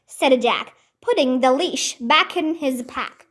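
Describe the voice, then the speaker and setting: Slow, high-voiced woman reading a storybook. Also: fairly bright tone. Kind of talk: children's book read aloud.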